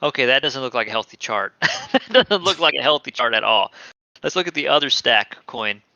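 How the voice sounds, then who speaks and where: A man's voice: mid-range voice, lively intonation, fairly quick, vocal fry, bright, forceful tone, no echo, dull audio. A man from Texas, co-hosting a casual streamed chat, joking and reading screen text aloud. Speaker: podcast co-host.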